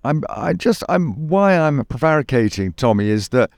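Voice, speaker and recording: A man's voice: medium pitch, big pitch swings, normal speed, gravelly, darkish tone, no room sound, studio quality. A man from the United Kingdom in a conversational interview, thinking aloud with frequent restarts and fillers. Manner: thoughtful, hesitant with many restarts and fillers. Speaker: guest.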